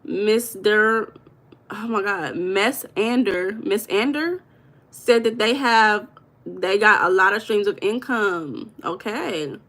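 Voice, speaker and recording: A woman's voice: mid-range voice, slow pace, bright, forceful tone. A woman hosting a live stream, chatting casually and reading viewers' comments aloud with an affectionate manner. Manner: affectionate, calls viewers baby.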